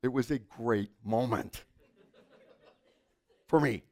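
A middle-aged man preaching a sermon, telling stories expressively and dropping into soft asides. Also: medium pitch, slow pace, creaky. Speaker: pastor.

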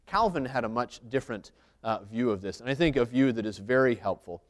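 A man's voice: mid-range voice, animated, brisk. A man giving a conversational sermon, teaching through a Bible passage and thinking aloud with many filler sounds.

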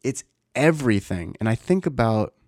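A man's voice: mid-range voice, big pitch swings, normal speed, darkish tone, no room sound, clean studio sound. A man in his thirties, a father talking in a casual, reflective way, rambling with many fillers and restarts. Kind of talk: casual personal talk.

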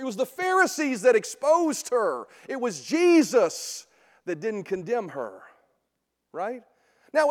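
A man teaching a sermon in a conversational way, often checking in with a quick "right?". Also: very high voice. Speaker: preacher teaching a Bible series. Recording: long hall reverb.

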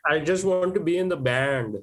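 A man on a comedy podcast, trading goofy deadpan punchlines in improvised banter. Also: a little high, moderate pace.

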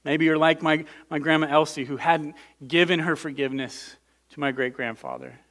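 Earnest male preacher, slightly high voice. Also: steady tone, moderate pace, a bit bright. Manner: earnest, repeats words, builds to emphatic peaks. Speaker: pastor. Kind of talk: sermon.

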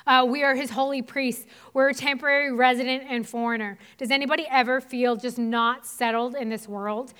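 Young woman preacher, smooth and clear, a bit high, chatty church talk. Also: fairly even intonation, fairly quick, hardly any pauses, fairly bright tone. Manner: casual conversational preaching with many fillers. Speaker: pastor's wife preaching. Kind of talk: sermon.

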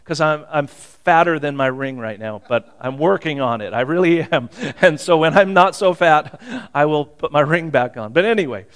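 A middle-aged male pastor preaching a sermon in a conversational way, with joking asides and questions to the congregation. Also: fairly high pitch.

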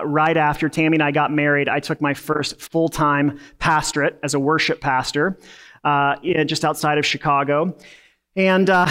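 A man preaching in a church sanctuary, talking to the congregation in an easy, conversational way. His voice sits a little higher than most men's, and he drops in plenty of filler words and small asides as he goes. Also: fairly bright tone. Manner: conversational, self-deprecating, frequent uh fillers. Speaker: lead pastor. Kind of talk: sermon.

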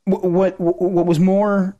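Man, podcast co-host, blunt, swears, restarts a lot, fairly high voice. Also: little pitch movement, a little slow, dark tone. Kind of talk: casual podcast conversation.

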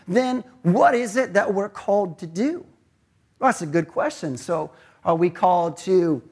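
A man's voice: high-pitched, breathy edge. A male pastor preaching a conversational sermon and asking rhetorical questions.

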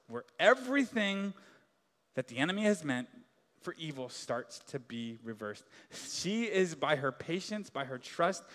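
A man's voice: sits high, fairly bright tone. A man preaching a sermon as pastor in a large church hall, casual and joking, full of filler words.

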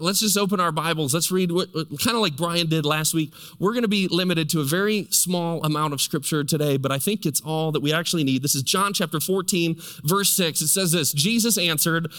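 Emphatic preacher in a reverberant hall. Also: male voice, a little high, animated, bright, forceful tone. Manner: emphatic, rhetorical questions to the congregation; stretches key words slowly for emphasis. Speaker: pastor. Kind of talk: sermon.

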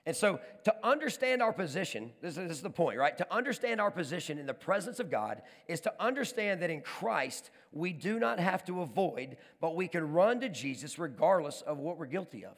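A man preaching a sermon, telling stories with animated energy and often repeating and restarting words. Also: on the high side, a little fast, few pauses. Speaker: pastor. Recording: long hall reverb.

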